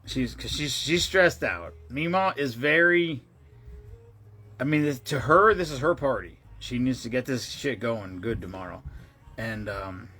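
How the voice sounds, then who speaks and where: A man's voice: medium pitch, unhurried, sharp tone. A man hosting a charity livestream, chatting casually with viewers in a rambling, profane way, with many restarts.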